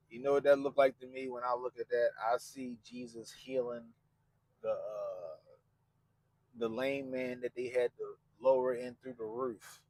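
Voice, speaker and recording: A man with a mid-range voice hosts a podcast of casual commentary, recorded with poor audio but no echo. He talks loosely and profanely, mocking people and quoting them in put-on voices.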